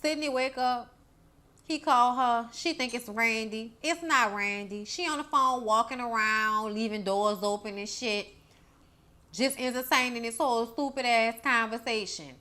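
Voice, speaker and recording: A woman's voice: fairly high pitch, a little slow, pushed and bright. A young woman recapping a horror movie in a casual, profane, sassy way, talking back to the characters. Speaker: movie reviewer.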